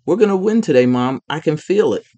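Excited boy runner, high and quick, as a male storyteller puts him on. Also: close to an everyday voice. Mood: confident. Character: excited young boy on a track team.

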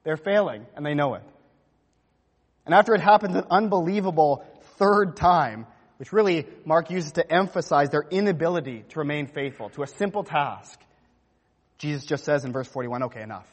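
A man's voice: on the high side, normal speed, slightly rough, long reverb tail. A man preaching a sermon, telling the story vividly and acting out the quotes. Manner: animated storytelling, acts out quotes. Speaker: pastor.

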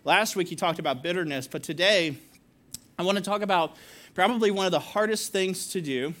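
A man's voice: high voice, a little fast, a bit bright. A male pastor preaching a sermon, telling stories with laughs and asides to the congregation.

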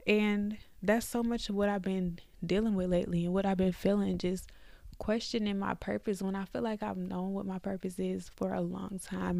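Young woman podcaster talking real candid, gravelly low-energy voice, kinda flat, says y'all a lot. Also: no room sound. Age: young adult. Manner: candid, conversational, addresses listeners as y'all. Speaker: podcast host. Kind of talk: faith podcast monologue. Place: in bed at home.

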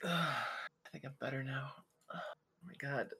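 Man, podcast co-host, gravelly voice, excited, halting. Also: mid-range voice. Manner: gushing, swears, halting restarts. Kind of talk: casual excited review chat.

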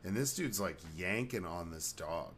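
Low-voiced man telling a profane story. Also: animated, a little slow, fairly bright tone, a little hiss or hum. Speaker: podcast co-host. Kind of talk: casual chat.

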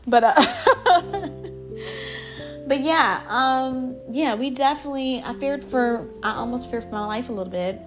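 A young woman vlogger telling a rambling story in a casual, profane, animated way. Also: sits high, measured pace, music in the background.

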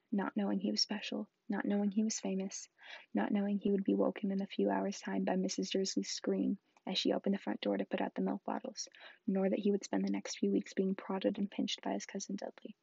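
A woman reading a storybook aloud, soft-spoken and often slipping into a whisper. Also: mid-range voice, monotone, a little fast, creaky, husky, no echo, highs cut off. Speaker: book reader.

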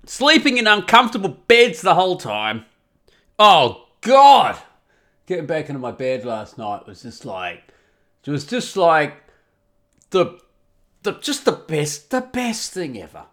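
A man's voice: a little high, unhurried, pauses often. A middle-aged man ranting profanely through a comic podcast monologue. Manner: sweary, ranting, animated. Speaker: podcast host.

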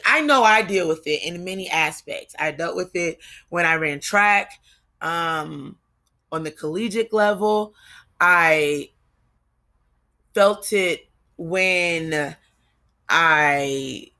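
Bright-voiced young woman with Jersey accent. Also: lowish voice. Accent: New Jersey. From New Jersey. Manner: candid, confessional, drawn-out ums and restarts. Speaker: podcast host. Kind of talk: casual solo podcast monologue.

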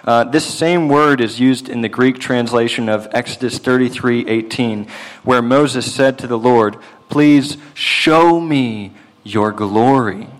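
A man's voice: medium pitch, steady tone, normal speed, low-quality recording. A man preaching a sermon, earnest and emphatic, reading scripture aloud as a pastor.

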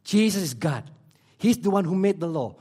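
A man pastor preaching a sermon with passion, repeating key phrases and swinging between loud emphasis and hushed near-whispers. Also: sits high, lively intonation, normal speed, slightly rough. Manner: emphatic repetition, non-native grammar slips.

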